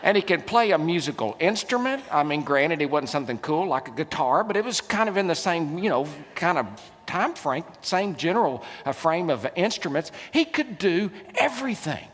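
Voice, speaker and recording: A middle-aged man, preaching a sermon as a keynote speaker, telling stories with humor and big swings in loudness. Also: on the high side, big pitch swings, normal speed, a little hiss or hum. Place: large hall. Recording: reverberant hall.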